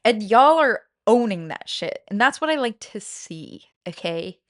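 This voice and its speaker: A woman hosts a comedy podcast, swearing freely and telling self-mocking stories with animated swings of energy. Her voice sits mid-range and sounds close and dry, with no room around it. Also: mid-range voice, measured pace, no room sound. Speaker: podcast host. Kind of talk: casual comedy podcast chat.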